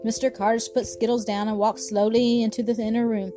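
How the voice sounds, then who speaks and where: A woman's voice: fairly high pitch, soft background music. Woman narrating a storybook. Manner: steady, measured reading.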